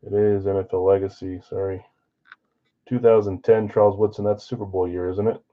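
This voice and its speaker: A man's voice: fairly low pitch, little pitch movement, fairly quick, muffled recording. Chatty man hosting a live card break. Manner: casual, chatty, talking to viewers while opening packs.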